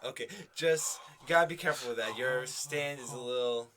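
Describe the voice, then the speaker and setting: A man's voice: mid-range voice, brisk, sharp tone. A young man co-hosting a casual podcast chat, teasing and jokey. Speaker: podcast co-host.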